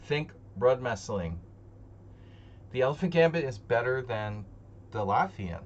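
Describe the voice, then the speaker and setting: A man's voice: mid-range voice, animated, a little slow, highs cut off, a little hiss or hum. A man streaming live online chess, thinking aloud as he plays, joking and muttering to himself. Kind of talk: live commentary while playing online chess. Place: home streaming setup.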